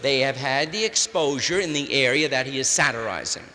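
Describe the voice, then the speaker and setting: Animated and a little fast, this comedian's mid-range voice sounds pushed and bright as he riffs through an improvised, rambling monologue full of hip jazz slang. The live 1961 concert hall recording carries reverb and a faint hiss.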